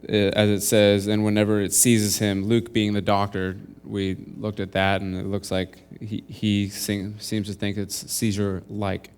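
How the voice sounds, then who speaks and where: Young guy giving a sermon in church, smooth low voice, walks through the verses earnestly. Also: monotone, a little slow, few pauses. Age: young adult. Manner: earnest, explains verses step by step. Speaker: intern preacher. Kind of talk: sermon with scripture reading.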